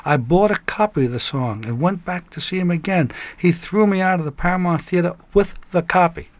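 Older guy spinning a story, bursts of song, a bit high, dry close sound. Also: fairly quick, dry recording. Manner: lively raconteur who breaks into snatches of song and laughs. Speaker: guest songwriter. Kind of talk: animated storytelling.

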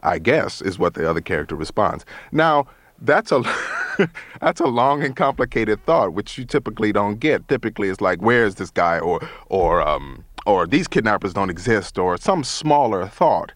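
Deep-voiced man, thoughtful radio guest. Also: sing-song, dry recording. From Chicago, USA. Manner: thoughtful, measured, pauses often with ums. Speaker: actor and interview guest. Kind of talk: radio interview. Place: radio studio. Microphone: studio mic.

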